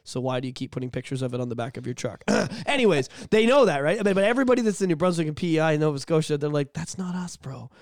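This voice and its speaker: A man from Canada's East Coast rattles on at a quick clip in a slightly high voice, swearing freely and drifting from story to story. The sound is dry and close, with almost no room around it. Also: no echo. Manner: rambling, profane, animated storytelling. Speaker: podcast host. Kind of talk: casual chat.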